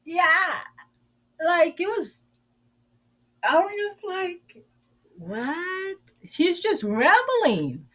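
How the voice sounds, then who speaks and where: Slow, sassy woman recapping a show. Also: extremely high pitch, big pitch swings, a bit bright. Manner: sassy, sarcastic, drawling storyteller. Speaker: reviewer. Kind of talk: casual recap and commentary.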